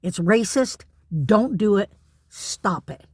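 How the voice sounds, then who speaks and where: A woman's voice: medium pitch, lively intonation, slow pace, darkish tone, breathy edge, dry recording. A woman ranting to camera in an indignant, emphatic way, repeating words for stress. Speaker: vlogger. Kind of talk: direct-to-camera rant.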